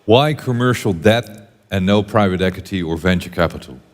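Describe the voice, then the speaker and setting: A man's voice: low-pitched, moderate pace. A man interviewing a speaker, asking short questions. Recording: reverberant hall.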